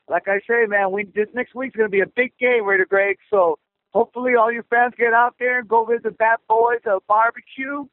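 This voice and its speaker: A man calling in to a sports radio show as an excited fan, plugging a local spot. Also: extremely high pitch, dry recording. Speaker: caller. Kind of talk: call-in fan talk. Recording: tinny phone line.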